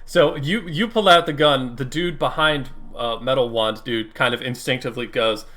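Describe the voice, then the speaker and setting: A man's voice: mid-range voice, normal speed, sharp tone. A man narrating a tabletop role-play as game master, rambling and describing vividly with many fillers.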